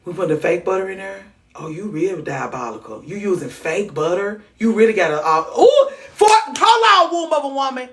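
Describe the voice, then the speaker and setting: A woman hosting a comedic monologue, ranting in a sassy, animated way with mock-sweet asides. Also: mid-range voice, moderate pace, hardly any pauses, far from the mic. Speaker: host.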